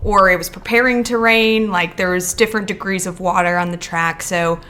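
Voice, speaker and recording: A woman co-hosting a podcast in energetic casual chat, laughing while talking. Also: medium pitch, moderate pace. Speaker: podcast co-host.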